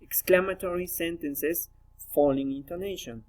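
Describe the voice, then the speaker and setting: A man reading word pairs and practice sentences aloud for a pronunciation exercise, carefully and deliberately. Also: fairly high pitch, a little mellow, low-quality recording. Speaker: language student.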